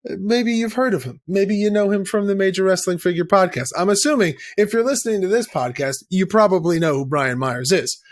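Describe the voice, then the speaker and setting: High-voiced man co-hosting a podcast. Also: a little fast, hardly any pauses. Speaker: podcast co-host. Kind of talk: casual podcast chat.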